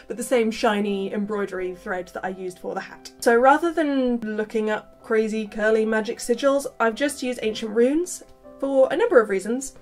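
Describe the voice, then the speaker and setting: Brief: woman, bright higher voice, chatty craft vlogger, faint music under her. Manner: chatty, playful, self-mocking asides. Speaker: costume maker. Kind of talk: casual sewing vlog narration.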